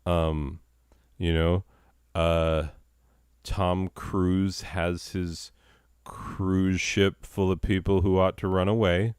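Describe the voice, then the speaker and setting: A man's voice: low-pitched, level tone, takes it slowly, darkish tone, clean tone, dry recording, studio quality. A man hosting a comedy show, rambling through improvised, self-mocking banter full of fillers.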